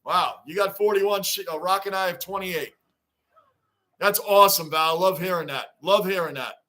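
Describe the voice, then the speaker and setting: Middle-aged male stream host, high-pitched, excitable, chatty, repeats lines for emphasis. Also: moderate pace. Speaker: livestream host reading fan chat. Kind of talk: casual livestream chat. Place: home basement.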